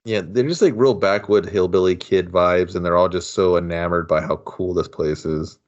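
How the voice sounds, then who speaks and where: A man's voice: deep voice, steady tone, normal speed. A young man co-hosting a casual movie review podcast, talking emphatically and crudely, leaning on "like" and "dude". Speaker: podcast co-host. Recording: dull lo-fi audio.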